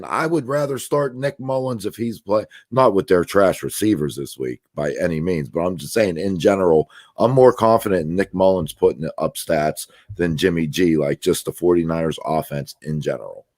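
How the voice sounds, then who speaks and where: Deep-voiced man in casual sports banter. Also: normal speed, few pauses, darkish tone, no room sound, clean studio sound. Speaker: podcast co-host.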